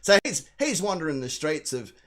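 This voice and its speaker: Male live-show host, rambling, crude, animated pitch. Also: normal speed. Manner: rambling, profane, retelling a film. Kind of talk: casual live-stream chat.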